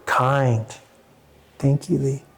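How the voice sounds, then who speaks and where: A man's voice: mid-range voice, fairly even intonation, very slow, creaky. Earnest man talking with many restarts. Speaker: therapist and coach. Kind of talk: talk to a small audience.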